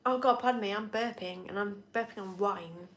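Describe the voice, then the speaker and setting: A woman co-hosting a casual live stream, chipping in quickly. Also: medium pitch, roomy sound. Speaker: co-host.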